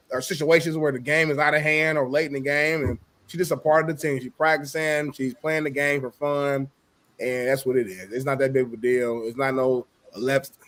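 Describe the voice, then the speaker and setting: A man's voice: on the high side, fairly bright tone. A man co-hosting a sports talk show, bluntly pushing back and teasing his partner. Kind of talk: heated sports talk banter.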